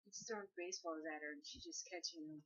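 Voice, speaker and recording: A woman's voice: on the low side, fast, fairly bright tone, a little hiss or hum. Dry young woman, lo-fi sound. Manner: dry, brief agreeing remarks. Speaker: co-reviewer. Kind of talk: casual review chat. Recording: dull lo-fi sound.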